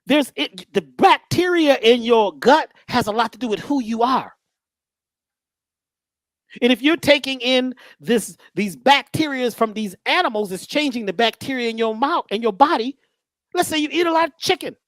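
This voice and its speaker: Woman lecturing casually, lots of stories, lively up-and-down voice, dry close sound. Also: fairly high pitch, moderate pace, no echo. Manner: conversational, animated, acts out voices.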